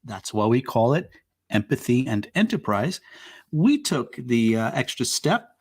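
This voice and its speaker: A man with a mid-range voice co-hosts a live stream, recorded dry with no room echo. He lays out the topic in a steady way and slips in deadpan teasing. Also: medium pitch, measured pace, breathy edge. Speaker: co-host. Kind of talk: casual live-stream chat.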